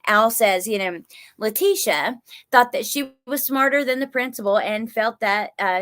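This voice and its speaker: A woman's voice: medium pitch, a bit bright. A woman hosting a casual livestream, recapping trial notes and answering viewers' chat in a chatty way. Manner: chatty, reacts to viewer comments, swears when angry. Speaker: true crime livestream host.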